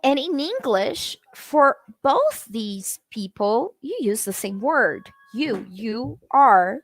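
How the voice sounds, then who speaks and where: Slow, chatty woman teaching English. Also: on the high side, big pitch swings, no echo. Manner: chatty, addresses viewers in the comments. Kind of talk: live-streamed language lesson.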